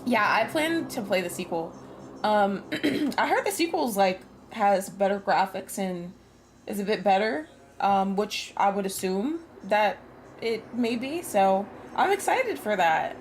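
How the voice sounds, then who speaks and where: A woman's voice: medium pitch, expressive, unhurried, slight background noise. A woman streaming a game, chatting casually with frequent laughs and free swearing. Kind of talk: casual gameplay commentary.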